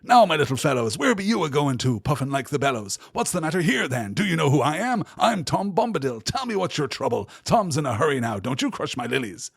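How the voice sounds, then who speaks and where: A man voicing Tom Bombadil, a merry, booming old man who talks in a bouncy, sing-song rhythm. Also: big pitch swings, fairly quick, vocal fry, few pauses, slightly rough, dry recording, studio quality, exaggerated voice. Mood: jolly.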